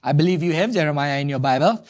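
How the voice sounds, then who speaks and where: A man preaches, hammering home his points by repeating key words. His pitch swings widely as he builds emphasis. He sounds lively and insistent throughout. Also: quick pace. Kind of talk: sermon.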